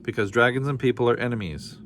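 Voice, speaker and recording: A man's voice: medium pitch, quick pace, a bit bright, slight background noise, lightly acted. A man reading a storybook aloud, voicing a bossy, petulant king who snaps and cries out. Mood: pleading. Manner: snapping, crying out.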